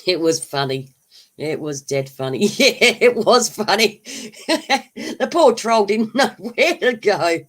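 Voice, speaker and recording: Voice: medium pitch, expressive, slow pace, a bit bright. Giggly streamer chatting. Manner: laughs often, chatty and rambling, answers chat. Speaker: livestream host. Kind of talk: casual livestream chat.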